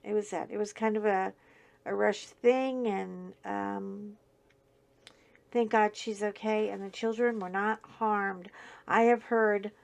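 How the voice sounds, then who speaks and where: A middle-aged woman hosts a relaxed chat as she colors, her voice carrying a gravelly fry. She talks at an unhurried pace, chatty and animated, and bursts into emphatic asides when a story gets to her. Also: medium pitch. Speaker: host. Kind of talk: casual chat while coloring.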